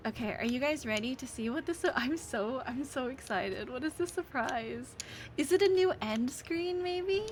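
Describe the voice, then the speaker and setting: Soft-spoken high-voiced young woman streamer. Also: expressive, normal speed, a little hiss or hum. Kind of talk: casual game-stream commentary.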